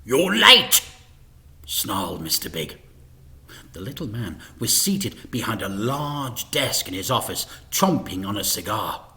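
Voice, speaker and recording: A male teacher reading a children's book aloud, expressive and sometimes dropping to a whisper. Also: fairly low pitch, measured pace. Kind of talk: storybook read-aloud.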